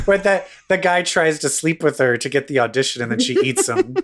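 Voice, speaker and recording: A man's voice: on the high side, lively intonation, a little fast, fairly bright tone. A man co-hosting a comedy podcast with a dry, sardonic, swearing delivery. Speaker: podcast co-host. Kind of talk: casual comedy chat.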